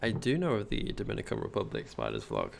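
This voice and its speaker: Posh english guy on a game stream, lowish gravelly voice, chatty and rambly. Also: wildly swooping pitch, fast, slight background noise. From England. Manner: chatty and rambling, reads out chat and narrates his building. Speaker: livestreamer. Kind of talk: casual gameplay livestream chat.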